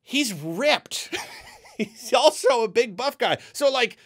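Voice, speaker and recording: A man delivering a ranting movie review in an exasperated, rambling way. His pitch swings widely as he stumbles through restarts and acts out quoted reactions. The delivery stays lively and loose throughout. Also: slow.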